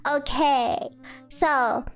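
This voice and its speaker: A woman's voice: high voice, fairly even intonation, drawn-out words. A woman streamer with a sore throat, chatting casually and playfully, laughing often and asking many questions. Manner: playful, giggly, asks lots of questions. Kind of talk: casual chat with chat. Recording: faint music behind.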